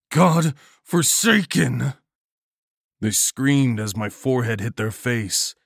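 A man's voice: on the low side, no echo, clean studio sound. Intense man narrating a horror story. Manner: intense, dramatic reading.

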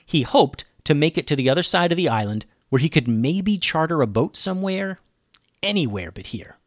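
A man narrating a children's story in a playful, animated way as a podcast host. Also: a little high, normal speed, no echo, studio quality.

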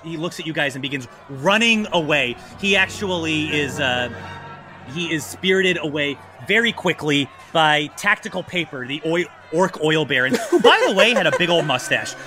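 High lively guy running a tabletop game, swears a lot, rambles. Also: normal speed, soft background music. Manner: animated, profane, rambling. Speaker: game master. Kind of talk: improvised tabletop narration.

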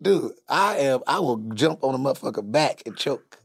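A man from Chicago's west side, in his forties, telling profane stories in an animated casual chat as a podcast host. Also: medium pitch, normal speed, gravelly, husky, dry recording, clean studio sound. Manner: animated, profane storytelling with quoted voices.

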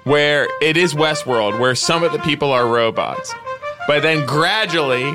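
A man's voice: a little high, unhurried, music in the background. A man co-hosting a comedy podcast, eagerly building up a silly idea. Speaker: podcast co-host. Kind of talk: improvised comedy chat.

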